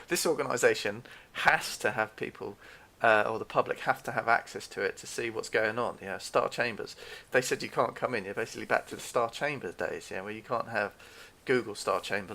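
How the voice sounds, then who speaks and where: A man telling a story in a casual, animated rant, repeating himself and acting out what people said. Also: on the low side, vocal fry. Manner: animated, repeats himself, acts out quoted dialogue.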